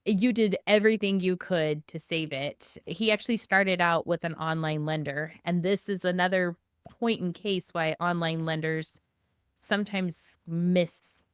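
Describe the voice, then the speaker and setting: A woman realtor in a relaxed, matter-of-fact conversation about a deal. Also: fairly low pitch, unhurried, clear, resonant tone, no room sound, clean studio sound. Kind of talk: casual conversation.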